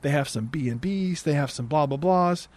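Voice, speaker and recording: A man's voice: a little high, normal speed, darkish tone, lightly acted. A man doing a chatty helpful station worker.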